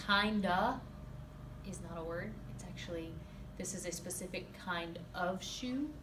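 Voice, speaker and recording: A woman in her thirties, a speech teacher, giving a lively, emphatic classroom lecture with playful asides to her students. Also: on the low side, noisy background. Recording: echoey classroom from far off, faint ambience.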